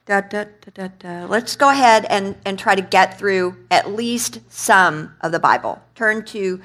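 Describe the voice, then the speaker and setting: A woman preacher giving a sermon in a conversational, animated way, asking the congregation questions. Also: mid-range voice, measured pace. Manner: conversational, animated, quizzes the audience.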